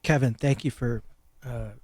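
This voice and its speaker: A man hosting a talk radio show, telling a parable and giving impassioned political commentary with emphatic pauses. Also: mid-range voice, fairly even intonation, darkish tone, no room sound. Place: radio studio.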